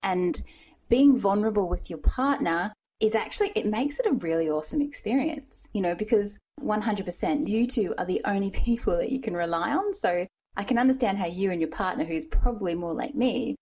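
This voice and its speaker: A woman's voice: mid-range voice, animated, brisk, darkish tone, a little hiss or hum. A woman podcast host in casual interview chat, earnest and thinking aloud. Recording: dull lo-fi recording.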